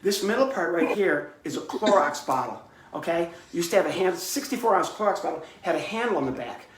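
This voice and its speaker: Chatty ventriloquist comedian, roomy sound. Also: male voice, on the high side, animated, a little fast. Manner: chatty, explaining while bantering. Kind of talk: live online comedy show.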